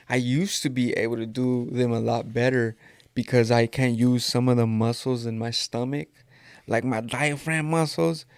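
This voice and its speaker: A man's voice: mid-range voice, vocal fry, dry recording, clean studio sound. A man in his thirties with a California Mexican-American Spanglish accent, hosting a podcast in rambling, joking casual chat. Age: 30s. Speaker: podcast host. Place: at home. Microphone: camera.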